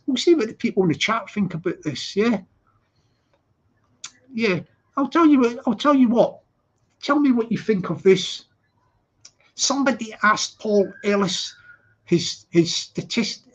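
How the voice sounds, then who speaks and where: A man hosting a casual live stream, rambling and repeating words as he restarts his sentences. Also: high-pitched. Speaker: channel host. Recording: slightly dull lo-fi audio.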